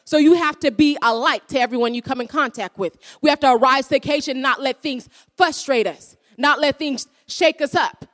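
A woman's voice: high-pitched, fairly quick, hardly any pauses, fairly bright tone. A woman preaching a sermon, earnest and repeating phrases for emphasis. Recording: long hall reverb.

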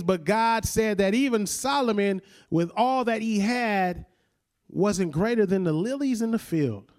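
High-voiced preaching man. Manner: conversational preaching, calls the congregation to repeat after him; slows down and drops his voice on key lines. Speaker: pastor. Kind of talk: sermon.

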